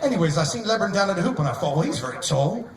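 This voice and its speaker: Rambling British basketball guy, put on by a man, cheerfully oblivious, slightly high voice, roomy echo. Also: very animated, very fast. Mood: chatty. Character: chatty male British basketball player. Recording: echoey, distant mic, noisy outdoor crowd.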